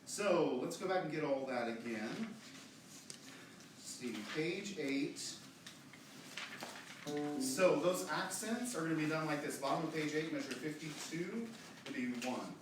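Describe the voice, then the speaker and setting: A man leading a choir rehearsal who gives brisk, quiet instructions, counts in and demonstrates phrases. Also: a little high. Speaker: choir director. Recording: echoey room, far from the mic, choir and piano behind.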